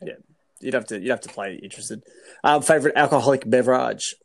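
A man hosting a casual interview, asking rapid-fire questions in a relaxed way. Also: medium pitch, creaky. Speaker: host.

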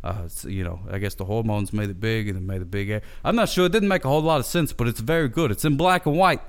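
A man's voice: fairly low pitch, quick pace, clear, resonant tone. A man hosting casually, recapping an old TV episode in a rambling, folksy way with frequent self-corrections. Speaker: show host reviewing an old TV series.

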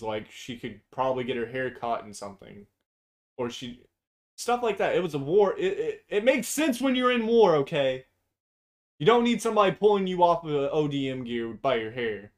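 A podcast co-host with a middle-pitched, sing-song voice talks at normal speed in a loose, casual back-and-forth. He's blunt, profane and full of strong opinions, often drifting into long tangents.

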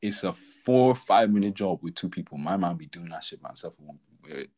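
Podcast co-host, young man, deep husky voice, loose slang-heavy storytelling. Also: animated, brisk, a little mellow, low-quality recording. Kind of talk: casual chat.

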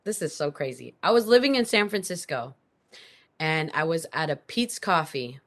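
A woman guest on a podcast, telling a personal story in an animated, emphatic way. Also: sits low, normal speed. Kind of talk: casual storytelling interview.

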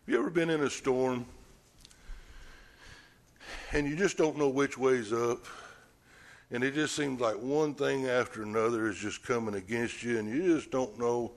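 A man's voice: mid-range voice, moderate pace, long pauses. A man preaching a sermon, telling the story with animation and acting out scenes.

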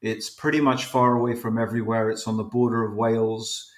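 A man's voice: mid-range voice, flat delivery, a little fast. An English man with a mixed, once-posh accent, a podcast guest who talks in a rambling, hesitant way. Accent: English, posh schooling mixed. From England. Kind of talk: casual interview chat. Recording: echoey room.

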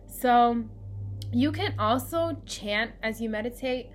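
Chatty woman podcast co-host, slightly high voice. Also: takes it slowly, faint music behind. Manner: chatty, frequent ums, addresses listeners as "you guys". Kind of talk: casual spiritual podcast chat.

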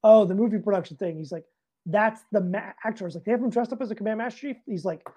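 In a high, quick voice, a podcast guest who is a Navy master chief shares an offhand story during an interview. He swears freely and animatedly plays both people in the conversation he describes.

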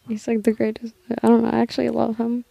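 A young woman from Los Angeles co-hosting a casual chat, laughing often and reading a book passage slowly and earnestly. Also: fairly high pitch, creaky, dark tone. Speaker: podcast co-host.

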